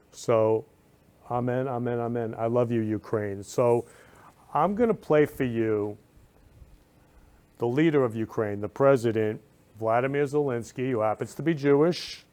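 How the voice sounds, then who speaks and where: A man hosting a talk show, effusive and openly emotional, with loud bursts and slow, solemn reading aloud. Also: mid-range voice, clean tone. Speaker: host.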